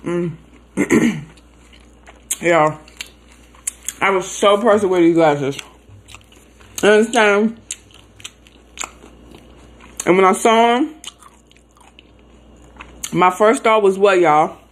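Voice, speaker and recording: A woman's voice: medium pitch, extremely slow, long pauses, a little hiss or hum. A young woman, chatting casually as she eats for a live mukbang audience. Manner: chatty, talking while eating, playful and animated. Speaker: mukbang host.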